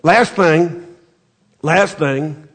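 A man preaching a folksy sermon, telling stories with many restarts and building to loud, emphatic peaks. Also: a little high, drawn-out words, breathy edge. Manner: folksy storytelling, repeats words, rises to loud emphatic peaks.

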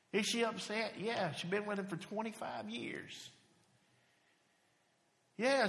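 A bright, forceful male preacher, his voice carrying through a church hall that rings with long reverb. He speaks in a storytelling style, lively one moment and hushed the next, and sits a touch high for a man. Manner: storytelling, animated, drops to near-whisper at emotional points. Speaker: hospice chaplain preaching. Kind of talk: sermon.

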